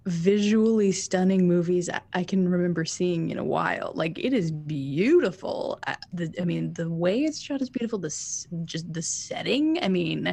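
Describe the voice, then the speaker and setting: Woman on a movie podcast, giggly, talks in quick bursts and trails off. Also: lowish voice, lively intonation, vocal fry, mellow. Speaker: podcast co-host. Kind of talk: casual chat.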